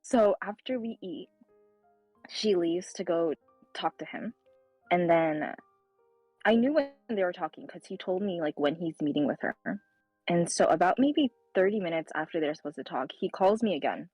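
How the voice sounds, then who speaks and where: A young woman casually telling a personal story as a guest on a stream, animated and acting out the dialogue. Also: lowish voice, normal speed, breathy edge, no echo, faint music behind, rough recording. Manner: animated, acts out dialogue with lively voice changes.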